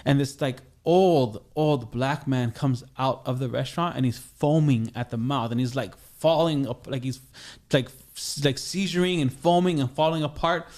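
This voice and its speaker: A man's voice: mid-range voice, moderate pace, hardly any pauses, darkish tone. A young man, a podcast guest, telling a personal story in a rambling, casual way, full of restarts and fillers.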